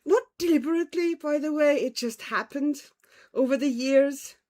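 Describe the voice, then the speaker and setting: This livestream host's voice sits high with a darkish tone and normal speed. Originally from Estonia, she has a vague European accent touched with a slight Irish twang, and at home she greets viewers, chats freely, and laughs frequently.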